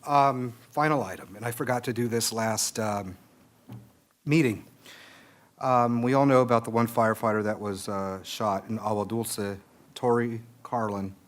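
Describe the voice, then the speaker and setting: A middle-aged man speaking as a city council member at a public meeting, earnest and halting, with many fillers. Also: medium pitch, steady tone. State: choked up with emotion.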